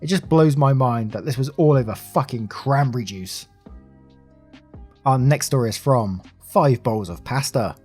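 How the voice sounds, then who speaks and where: A male narrator reading reddit stories aloud in a steady, matter-of-fact manner. His voice sits in an ordinary middle pitch. Faint music plays beneath the narration. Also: unhurried, breathy edge.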